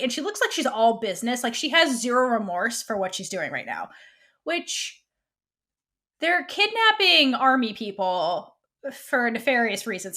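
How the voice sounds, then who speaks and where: A woman co-hosting a fan podcast, retelling a TV episode in a casual, animated way and quoting the characters' lines. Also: on the high side. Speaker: podcast co-host.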